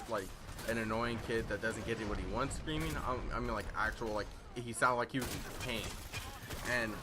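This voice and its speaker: A man's voice: mid-range voice, moderate pace, background noise. A teenage boy telling a rambling story in casual chat over gameplay, full of fillers and self-deprecation. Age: teens. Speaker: gaming vlogger.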